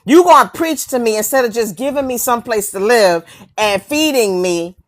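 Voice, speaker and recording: A woman's voice: on the high side, lively intonation, moderate pace. A woman delivering a confrontational, preachy rant to camera, mocking her targets and firing off rhetorical questions and repeated lines.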